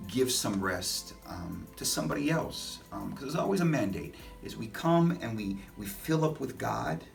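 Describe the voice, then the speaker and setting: A man, a dad of three, giving a relaxed, chatty daily devotional with lots of fillers and animated storytelling. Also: on the low side, vocal fry, distant mic. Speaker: lay preacher giving a daily Lenten reflection. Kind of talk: casual spoken devotional. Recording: voice a bit off-mic with light music behind.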